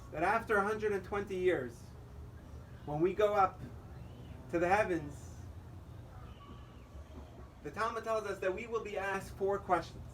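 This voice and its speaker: A rabbi with a high voice delivers a holiday sermon, spinning joke stories and voicing each character's lines. He is picked up from some distance, with a faint murmur of the room around him. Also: a little hiss or hum. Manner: storytelling, quoting characters in dialogue.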